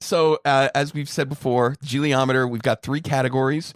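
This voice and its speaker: A man's voice: medium pitch, steady tone, normal speed, no room sound, clean studio sound. A middle-aged man co-hosting a casual movie-review podcast, rambling with restarts and frequent laughs. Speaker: podcast co-host.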